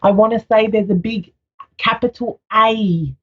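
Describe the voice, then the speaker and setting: A woman's voice: fairly high pitch, measured pace, slightly rough, dull audio. A woman psychic medium giving a live radio reading in a soothing, affectionate way, often calling the caller sweetheart.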